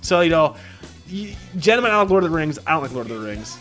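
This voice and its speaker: A man's voice: fairly high pitch, very animated, fast, fairly bright tone, soft background music. A man in his forties, chatting casually as a podcast co-host, rambling and profane, with lots of restarts. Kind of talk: casual chat.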